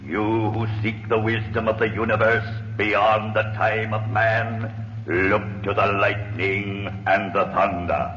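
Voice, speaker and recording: Slow solemn storm spirit, ancient and ominous, vintage radio play, muffled and hissy. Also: male voice, lowish voice, flat delivery. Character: booming supernatural voice of the tempest, ancient and ominous.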